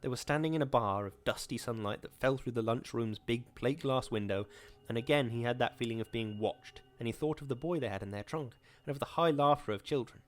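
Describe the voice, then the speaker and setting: A man hosting a show, reading a horror story aloud in a steady, measured way. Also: mid-range voice.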